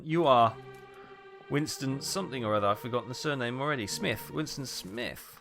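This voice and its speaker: Over the game's music, a Welsh man streams a let's play, rambling, muttering and reasoning aloud as he works things out. He speaks at normal speed in a medium-pitched, slightly bright voice.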